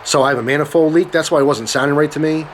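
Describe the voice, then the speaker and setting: A man's voice: fairly high pitch, rapid-fire, a little hiss or hum. A young man telling a story in a vlog, swearing often and ranting with anger. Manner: profane, ranting. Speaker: vlogger.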